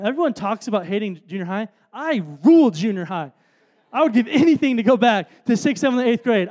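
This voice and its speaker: A man in his thirties tells his story from the stage in a relaxed sermon. He talks in a rambling, self-deprecating way with plenty of fillers, and his voice sits high for a man. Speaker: speaker at a worship event.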